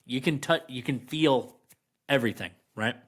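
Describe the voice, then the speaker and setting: Appearing as a guest on a podcast, a man with a mid-pitched, slightly bright, husky voice tells a personal story. He rambles with fillers and restarts, but slows down to stress key phrases while staying conversational.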